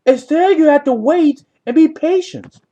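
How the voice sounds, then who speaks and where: A man voicing a cheerful, patient male apple who gently coaxes his friend in a homemade puppet story. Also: extremely high pitch, a little slow, lo-fi sound. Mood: coaxing. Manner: gentle, coaxing, asks questions.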